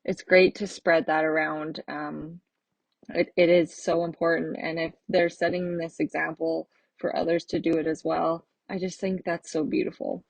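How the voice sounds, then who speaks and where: A woman's voice: deep voice, level tone, moderate pace, gravelly, no echo, poor audio. A middle-aged woman hosting a podcast, talking in an earnest, reflective way that rambles with fillers and restarts. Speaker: podcast host and artist. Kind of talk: casual heartfelt monologue.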